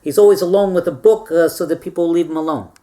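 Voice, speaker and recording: A woman's voice: fairly low pitch, fast, dark tone. A woman giving a rambling, comic history lesson to stuffed animals, tagging her lines with "all right?" and repeating words as she goes. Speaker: presenter teaching stuffed animals.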